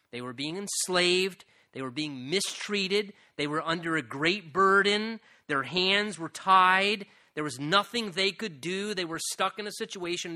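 A man's voice: on the high side, bright, forceful tone. A man preaching a sermon, earnestly explaining a psalm verse by verse and building to emphatic appeals. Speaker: pastor.

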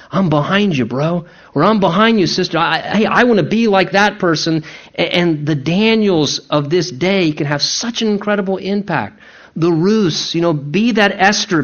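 A male pastor with a high-pitched voice delivers an earnest sermon, urging his listeners and hammering home key words. His pace swings between slow, weighty phrases and quick bursts. The recording sounds dull and muffled. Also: fairly bright tone. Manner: earnest exhorting preacher, repeats key words, varies pace for emphasis.

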